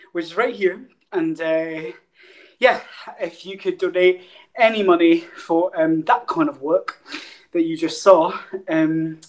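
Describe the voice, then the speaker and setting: A woman's voice: fairly low pitch, rough recording. A woman hosting an online cabaret, out of breath after dancing, chatting casually and swearing. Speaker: cabaret host. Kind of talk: casual live-stream hosting.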